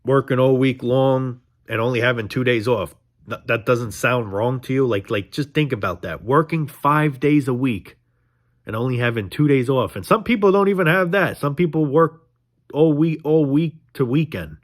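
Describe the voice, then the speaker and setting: A man's voice: medium pitch, normal speed. A young man ranting in a casual vlog monologue, frustrated and profane, rambling with restarts. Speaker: vlogger.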